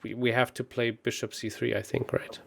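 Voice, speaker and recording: A man working through chess puzzles aloud as a guest, hesitant and quick to laugh at his own mistakes. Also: mid-range voice, little pitch movement, vocal fry, a bit bright, a little hiss or hum. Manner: calculates aloud, hesitant and self-deprecating. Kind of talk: thinking aloud while solving puzzles.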